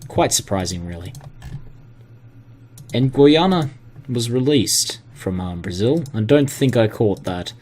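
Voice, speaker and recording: A man casually commenting on a strategy game at his computer, relaxed and self-deprecating, often stumbling over place names. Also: medium pitch, measured pace, long pauses, a little hiss or hum. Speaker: gaming commentator.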